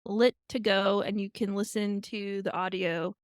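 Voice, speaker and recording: A woman co-hosting a podcast, casually retelling a fairy tale with animated storytelling. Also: medium pitch, unhurried, clear, resonant tone, dry recording. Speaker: podcast co-host. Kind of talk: casual chat.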